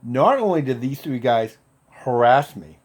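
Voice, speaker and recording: A man in his fifties, a former Marine, casually telling a profane story and getting loud when he quotes people. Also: mid-range voice, measured pace. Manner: profane, animated, loud when quoting others.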